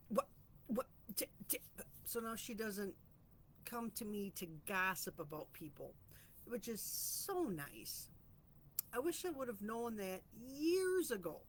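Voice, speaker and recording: A woman talks through her week in a casual, reflective self-help chat. Her voice sits at an ordinary middle pitch, earnest and chatty, and she draws out key phrases. A faint hum of noise runs underneath. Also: lively intonation, slow pace. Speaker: host of a weekly reflection vlog.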